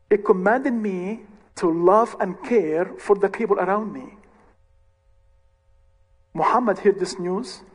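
A man who leads a ministry, recounting a conversion story in short, earnest phrases. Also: high-pitched. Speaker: ministry leader. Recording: long hall reverb.

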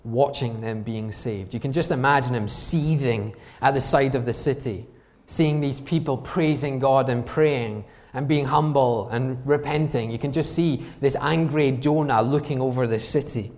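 Male pastor, mid-pitched, emphatic sermon delivery, long hall reverb behind him. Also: moderate pace, few pauses, a little mellow. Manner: emphatic, rhetorical questions to the congregation. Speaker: preacher.

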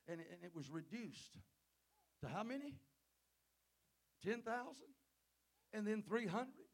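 A man preaching a sermon in a church, calling out to the congregation and swinging between loud fervent peaks and quiet asides, with jokes along the way. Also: high-pitched, lively intonation, slow, pauses often. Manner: calls out "Amen?" and "Hello?" to the congregation; jokes with the crowd between points. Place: church sanctuary.

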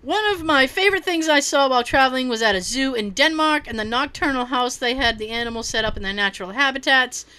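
A woman's voice: sits high, quick pace, few pauses, sharp tone, smooth. A woman co-hosting a casual podcast, reading listener stories aloud, often laughing and swearing casually. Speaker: podcast co-host.

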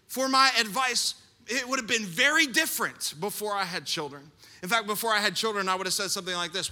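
A middle-aged man, a pastor, preaching a sermon with animated storytelling and playful, self-mocking asides, in a large church hall. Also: high voice, brisk. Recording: long hall reverb.

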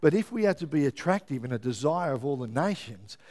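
A man preaching a sermon as pastor, lively and often checking in with his listeners. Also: on the high side, a little fast. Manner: lively, keeps checking in with the congregation.

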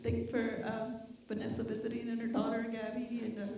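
A woman giving halting thanks at a church service, with many pauses and fillers. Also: a little high, monotone, gravelly, warm tone. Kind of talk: spoken prayer of thanks. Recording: echoey room, voice from far off.

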